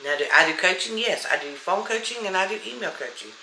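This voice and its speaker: A woman's voice: mid-range voice, lively intonation, fast, pushed and bright, reverberant, a little hiss or hum, rough recording. A woman coaching viewers in casual motivational talk, blunt and to the point, repeating affirmations. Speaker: manifestation coach.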